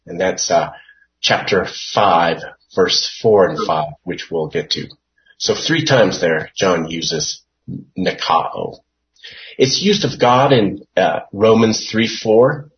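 A man's voice: lowish voice, slow. A man leading a Bible study, reading scripture aloud and explaining it word by word in a hesitant way with many fillers. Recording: dull lo-fi recording.

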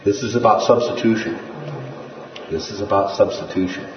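A man's voice: fairly low pitch, normal speed, crowd noise. A man teaching a Bible class in a conversational way, often checking in with his listeners. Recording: distant, dull echoey room.

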